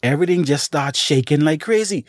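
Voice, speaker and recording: A man's voice: on the high side, animated, a little fast, dry recording, studio quality. A man telling a ghost story in a casual, dramatic way, acting out the sound effects and speaking straight to his listener. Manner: colloquial, addresses the listener directly.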